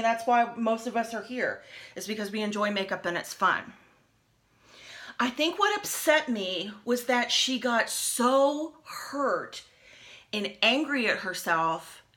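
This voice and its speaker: Bright-voiced chatty woman in her forties. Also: medium pitch. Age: 40s. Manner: chatty, rambling, many fillers and restarts. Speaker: beauty vlogger. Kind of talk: casual rambling chat while doing makeup. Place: home, at a lit makeup mirror.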